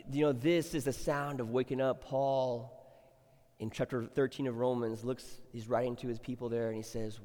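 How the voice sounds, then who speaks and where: In a church sanctuary, a middle-aged pastor chats with his congregation before building to emphatic exhortation. His voice is medium-pitched, smooth and a little mellow. The recording carries the long reverb of a church hall.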